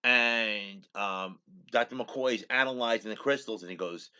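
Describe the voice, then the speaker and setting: A man's voice: lowish voice, moderate pace, bright, forceful tone, clear, resonant tone, highs cut off. A man hosting his own show, casually retelling a TV episode in a rambling way, saying "he goes" over and over. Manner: rambling, repeats "he goes" constantly. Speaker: show host.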